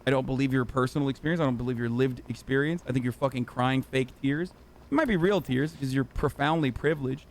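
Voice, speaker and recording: A man's voice: mid-range voice, a little fast, a little hiss or hum. A man hosting a livestream, ranting in heated, profane, sarcastic reaction commentary. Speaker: livestream host.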